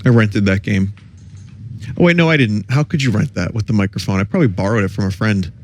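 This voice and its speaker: A man's voice: fairly low pitch, fast, slight background noise. A man streaming and reacting to old commercials in casual, rambling commentary with chuckling asides.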